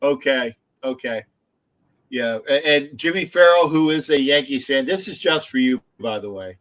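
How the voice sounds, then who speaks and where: A man's voice: medium pitch, animated, normal speed, a bit bright, low-quality recording. A man hosting a casual sports livestream, rambling with many restarts and the odd swear word. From Philadelphia area. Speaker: livestream host.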